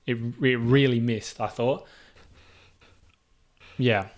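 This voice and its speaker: A man's voice: mid-range voice, steady tone, slow. Laid-back man agreeing on a podcast. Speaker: podcast co-host. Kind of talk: casual movie review chat.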